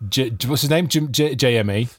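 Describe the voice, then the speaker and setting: A man who hosts radio, chatting casually with teasing, deadpan jokes. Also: mid-range voice, fairly quick, no echo, clean studio sound. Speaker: radio host. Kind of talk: casual chat.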